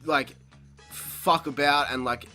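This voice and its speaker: A man's voice: a little high, fairly even intonation, slow pace, faint music behind. Swearing young man telling a story. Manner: profane, laughs often, acts out quotes loudly. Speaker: podcast host. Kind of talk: casual storytelling chat.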